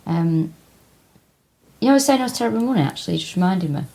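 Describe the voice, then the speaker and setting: A woman's voice: lowish voice, expressive, fast, gravelly, warm tone. A woman in her thirties co-hosting a comedy podcast, reading out facts and chatting casually in a wry, self-mocking way. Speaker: podcast co-host.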